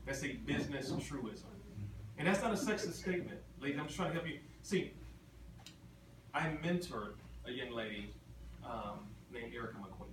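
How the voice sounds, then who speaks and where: At normal speed and in a mid-range voice, a motivational speaker addresses a large convention hall, hammering points through repetition and questions for the audience. The recording is far off, echoey, and full of ambient noise.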